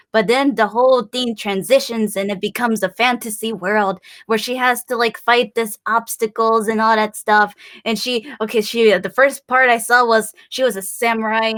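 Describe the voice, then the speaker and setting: Young woman from Illinois, interview guest; bubbly and giggly, a fairly high voice, breaks into playful voices mid-story. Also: steady tone, normal speed, few pauses, a bit bright. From Illinois, USA. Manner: bubbly and giggly, acts out voices in her stories. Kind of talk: casual chat.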